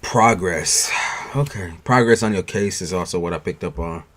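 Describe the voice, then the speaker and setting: Deep-voiced laid-back man snacking on stream. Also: normal speed, fairly bright tone. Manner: slangy, laid-back, chats while eating snacks. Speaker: tarot reader streaming live. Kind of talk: casual livestream chat. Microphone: new studio mic.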